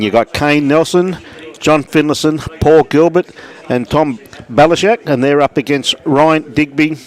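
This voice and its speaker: Calling lawn bowls live from inside a club, a man with an Australian accent keeps things relaxed and greets viewers by name. His voice is on the high side.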